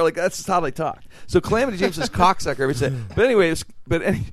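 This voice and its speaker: A man's voice: fairly high pitch, expressive, very fast, a bit bright, dry recording. Rambling man recapping a TV show. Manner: rambling, with many restarts and fillers. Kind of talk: casual chat.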